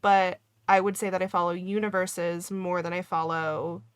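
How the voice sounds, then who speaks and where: A woman's voice: lowish voice, flat delivery, moderate pace, smooth, no echo. A woman co-hosting a podcast, chatting casually about a book with playful, emphatic asides. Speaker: podcast co-host. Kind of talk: casual book-club chat.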